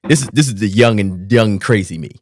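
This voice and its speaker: A man's voice: on the low side, brisk, a little hiss or hum. A man chiming in casually with blunt remarks during a story. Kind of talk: casual chat.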